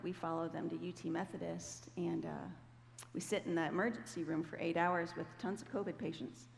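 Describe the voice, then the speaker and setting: A woman with a fairly low, creaky voice shares her personal testimony at church, telling it conversationally and performing the voices of people she quotes. The recording has an echoey hall sound and faint noise.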